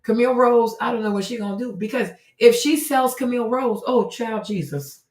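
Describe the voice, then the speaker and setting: A woman hosts an opinionated commentary stream, speaking emphatically and rhetorically and repeating phrases for effect. Her voice is on the high side with a darkish tone and a slightly fast pace, recorded roomy and distant from the mic.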